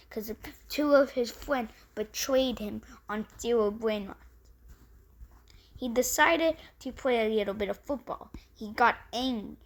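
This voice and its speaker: A woman telling an improvised story in a rambling, run-on way, restarting sentences often. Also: on the high side.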